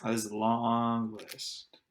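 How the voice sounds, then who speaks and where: A man's voice: mid-range voice, monotone, slow. A young man co-hosting a casual podcast, teasing and blunt. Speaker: podcast co-host.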